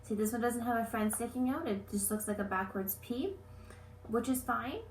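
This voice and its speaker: A woman teaching preschoolers a letter lesson and reading them a story, giving slow, patient instructions. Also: fairly high pitch, echoey room, slight background noise. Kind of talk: lesson and story read-aloud for young children.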